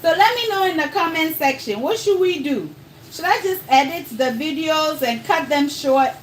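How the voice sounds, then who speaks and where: High-voiced woman chatting on a cooking live stream. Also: a little hiss or hum. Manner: chatty, asks viewers questions. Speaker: cooking vlogger. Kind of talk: casual live-stream chat. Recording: echoey room with faint ambience.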